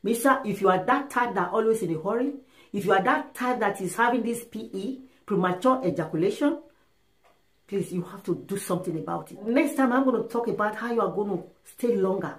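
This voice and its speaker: A woman giving relationship and sex advice in a casual monologue, emphatic and animated, acting out little dialogues. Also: medium pitch, a little fast. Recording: roomy echo.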